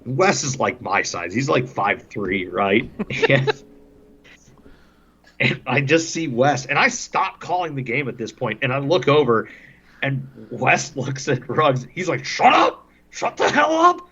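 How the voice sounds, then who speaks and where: A man's voice: medium pitch, expressive, a little slow, fairly bright tone, breathy edge, highs cut off. A man, a hockey broadcaster on a podcast, telling casual stories and laughing often as he talks. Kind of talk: casual storytelling.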